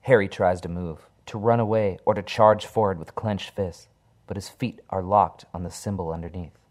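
A man reading a horror story aloud in a dark, measured storytelling manner. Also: deep voice, steady tone. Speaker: narrator.

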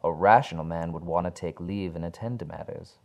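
A man voicing a sinister featureless entity who speaks with smooth, measured menace. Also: deep voice, a little mellow. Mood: menacing.

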